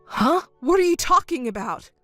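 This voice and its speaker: A woman's voice: high-pitched, very animated, moderate pace, fairly bright tone, no room sound, faint music behind, pitched above the performer's own voice. A woman voicing a sheepish, deceitful young male ex-boyfriend in a scripted text story. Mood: pleading. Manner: pleading, evasive.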